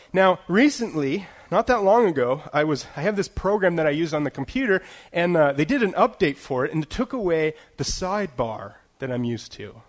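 Man, sermon, conversational preacher, slightly high voice, filler-heavy, emphatic slowed phrases. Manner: conversational, many "you know" fillers, laughs at himself. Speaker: pastor.

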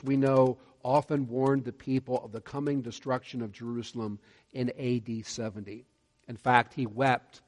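A man preaching a sermon, earnest and measured, slowing down to stress key words. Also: medium pitch. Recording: long hall reverb.

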